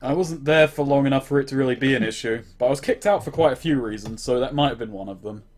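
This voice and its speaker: A man's voice: medium pitch, quick pace, darkish tone. A man playing a tabletop game, talking brashly and defiantly in character. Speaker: player.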